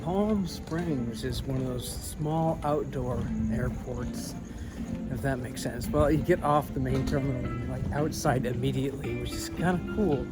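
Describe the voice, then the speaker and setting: A man chatting casually as a travel vlogger, rambling and easily distracted, with dry joking asides. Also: mid-range voice. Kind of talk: casual vlog chat to camera.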